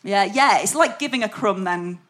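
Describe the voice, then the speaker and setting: A woman's voice: medium pitch, expressive, moderate pace, a bit bright, slight background noise. A woman co-hosting a podcast, chatting casually, giggly and rambling, breaking into silly sung lines. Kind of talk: casual chat.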